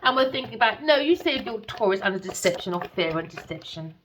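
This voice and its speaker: A woman's voice: medium pitch, expressive, fast, fairly bright tone, slight background noise. A woman doing a tarot reading as a scornful, sarcastic rant, swearing and calling people darling. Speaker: tarot reader.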